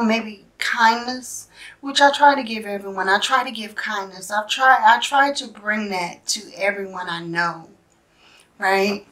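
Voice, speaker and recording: A woman doing a spiritual tarot reading, speaking earnestly and emotionally in short halting phrases, often checking in with "right?". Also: medium pitch, fairly bright tone, slight background noise. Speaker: tarot reader.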